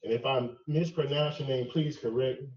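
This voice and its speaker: A male math instructor calling roll in class, halting and checking how names are pronounced. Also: mid-range voice, steady tone, a little mellow, husky, far from the mic, lo-fi sound. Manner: slow, halting, checks name pronunciations.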